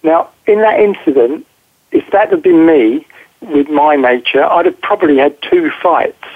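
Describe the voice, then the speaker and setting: A man's voice: a little high, expressive, measured pace. A man interviewed as a guest over the phone, talking directly and emphatically and often repeating words as he thinks. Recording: tinny phone line.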